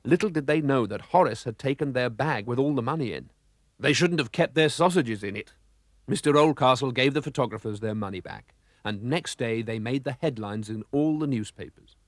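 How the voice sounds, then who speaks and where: A man narrating a children's storybook with a lively, expressive reading. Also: mid-range voice, normal speed, no room sound, studio quality.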